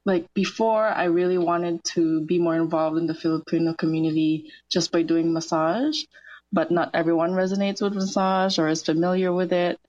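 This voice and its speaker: A woman guest on a radio show talks earnestly about her work. Her voice sits a little low, and she sometimes pauses to search for the right word. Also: steady tone, darkish tone, no echo, dull audio. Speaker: guest, massage therapist. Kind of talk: radio interview. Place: radio studio.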